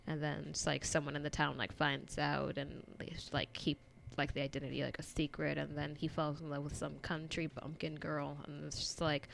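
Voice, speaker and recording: A young American woman with a low, gravelly voice rambles casually through a painting session, leaning on fillers. She sits at a stand microphone at home. A faint hiss runs under her voice. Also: level tone, moderate pace, hardly any pauses, a bit bright. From United States. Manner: rambling, chatty, filler-heavy. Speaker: painting vlogger. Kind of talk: casual chat while painting. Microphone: desk microphone on a stand.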